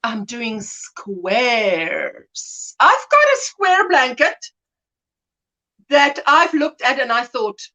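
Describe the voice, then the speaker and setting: A woman's voice: a little high, very animated, drawn-out words, pushed and bright, low-quality recording. A middle-aged woman hosting a casual livestream, chatting in a rambling way, laughing often, greeting viewers and acting out little scenes. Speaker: livestream host.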